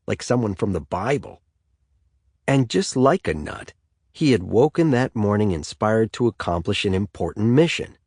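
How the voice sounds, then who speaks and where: A man narrating an audiobook in the third person with an expressive delivery. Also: lowish voice, dry recording, studio quality.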